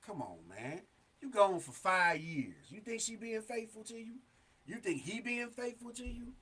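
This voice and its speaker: A man delivers a casual, earnest monologue as a talk show host. His voice sits high, and he presses his points hard with street slang and frequent "you know what I'm saying.". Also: lively intonation, moderate pace, pushed and bright, husky.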